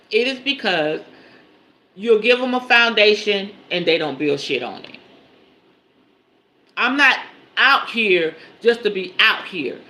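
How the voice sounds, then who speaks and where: A woman's voice: medium pitch, sharp tone. A woman giving a spiritual teaching on a livestream, chatting conversationally with her audience and repeating her key points for emphasis. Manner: conversational, often checks in with the audience.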